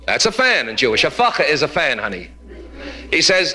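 A man doing stand-up comedy, telling quick jokes with Yiddish punchlines and slipping into character voices. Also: fairly high pitch, very animated, bright, forceful tone. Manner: rapid storytelling, drops into Yiddish phrases and character voices. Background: audience laughter.

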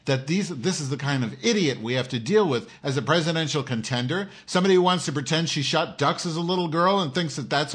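A man's voice: a little high, expressive, fast talker, hardly any pauses, slightly rough. A man hosting a live stream, ranting at his viewers in a profane, sarcastic and combative way.

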